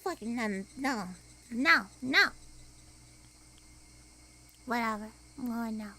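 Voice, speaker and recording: A woman's voice: on the high side, expressive, slow, bright, forceful tone. A woman streamer chatting tiredly at the end of a long game stream, crude and jokey. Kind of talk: casual livestream chat.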